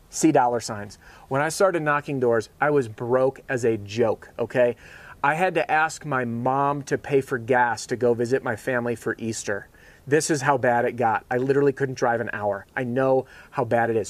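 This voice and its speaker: A man hosting a sales training show, giving an energetic, casual motivational talk. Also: medium pitch, normal speed, no room sound.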